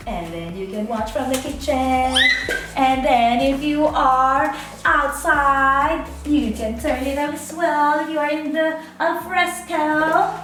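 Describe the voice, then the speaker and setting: A woman giving a playful, giggly home tour, switching between English and Tagalog. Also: high voice. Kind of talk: casual chat mixing English and Tagalog. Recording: echoey room, mic far off, loud music.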